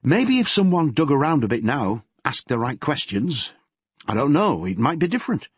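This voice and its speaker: A brisk female detective handing out tasks in a matter-of-fact way, voiced by a male narrator. The tone is husky with a lively lilt. The recording is dry. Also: mid-range voice, no echo, voice pushed up. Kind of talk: audiobook character reading.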